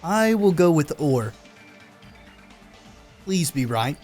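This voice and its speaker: Excited man commenting on a game, music behind. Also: fairly high pitch, slow pace. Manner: excited, talks back to the game characters. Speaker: gameplay commentator. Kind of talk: let's play commentary.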